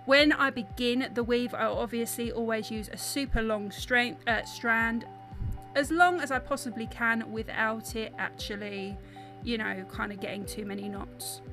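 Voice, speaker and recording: A young woman from South East London narrates a craft tutorial, her accent clear as she drops her T's. Her voice is bright and a little high, and she explains each step in a chatty, apologetic manner. Faint music plays underneath. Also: steady tone, a little slow. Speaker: embroidery tutor.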